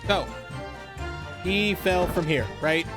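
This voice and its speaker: A man's voice: high-pitched, slow. A young man streaming a game, joking around and reading its lines aloud in mock voices. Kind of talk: casual gameplay chat. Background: game music.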